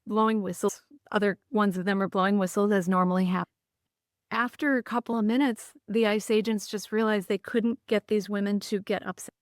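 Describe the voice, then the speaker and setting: A woman's voice: medium pitch, steady tone, fairly quick, no room sound, clean studio sound. Earnest woman telling stories. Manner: earnest, recounting stories with many restarts. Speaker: podcast guest, writer. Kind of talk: conversational storytelling.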